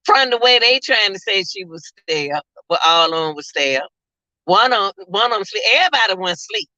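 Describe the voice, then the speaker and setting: A woman's voice: medium pitch, animated, moderate pace, pushed and bright, no echo. A woman vlogger, chatting casually to her viewers about a case. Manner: chatty, addresses viewers as y'all. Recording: dull lo-fi sound.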